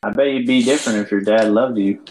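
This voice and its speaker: A man playing in a tabletop role-play, tossing out joking, deadpan one-liners. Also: on the low side, quick pace, noisy background.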